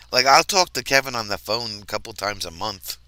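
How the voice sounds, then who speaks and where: A man from near New York chats casually as a livestream host. He laughs often and trails off mid-sentence. His tone is bright and forceful, with a lively, swinging pitch. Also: unhurried. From New Jersey, near New York. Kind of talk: casual chat. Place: RV campground, livestream.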